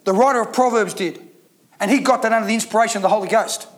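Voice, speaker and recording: A man's voice: high voice, quick pace. A man pastor preaching a sermon to his church, emphatic and full of rhetorical questions.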